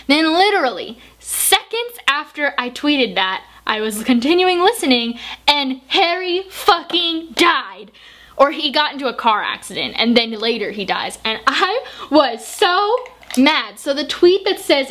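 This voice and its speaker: Young woman book vlogger with a slightly high voice. Casual, gushing and emotional, with frequent swearing. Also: big pitch swings, a little slow, a bit bright. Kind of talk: casual book review chat.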